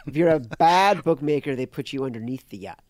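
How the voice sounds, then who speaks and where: A man's voice: medium pitch, animated, a little fast, darkish tone, no echo. A man co-hosting a sports betting podcast with a dry, teasing, sarcastic manner. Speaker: podcast co-host. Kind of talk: casual betting podcast chat.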